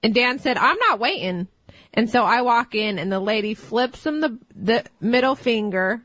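A woman's voice: fairly high pitch, normal speed, no echo. A woman guest on a talk radio show, telling a story in a chatty way. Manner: chatty, laughs while telling. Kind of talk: casual storytelling.

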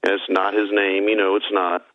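A man calling in to a radio talk show, speaking in a halting way. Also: low-pitched, level tone, no echo. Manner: halting, many fillers and restarts. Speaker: caller. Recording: tinny phone line.

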